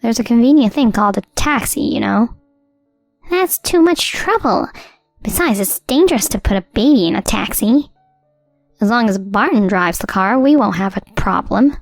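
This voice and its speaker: A woman putting on a scornful high-pitched mother-in-law. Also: expressive, normal speed, dry recording, clean studio sound, faint music behind. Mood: bossy. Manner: dismissive, bossy.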